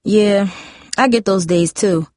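A woman reading a novel aloud, voicing a defensive, chatty fourteen-year-old girl with high, emphatic outbursts. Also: takes it slowly, a little mellow, no room sound, clean studio sound, natural voice. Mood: frustrated.

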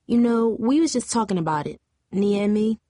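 A woman's voice: medium pitch, animated, a little fast, dark tone, no room sound, studio quality, natural voice. A woman reading an audiobook, voicing a chatty, sympathetic teenage girl cheerleader. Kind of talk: audiobook character voice.

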